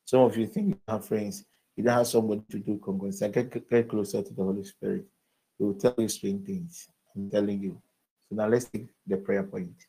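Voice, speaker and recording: A pastor at an evening service, earnestly exhorting the congregation and leading prayer. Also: male voice, fairly low pitch, dark tone, low-quality recording.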